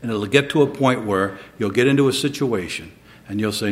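A man preaching a sermon, moving between quiet reflection and emphatic, rising delivery. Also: lowish voice, brisk. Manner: dynamic, swings between soft and emphatic.

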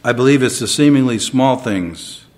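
A man preaching a sermon, moving between quiet reflection and emphatic, rising delivery. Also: mid-range voice, expressive, moderate pace. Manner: dynamic, swings between soft and emphatic.

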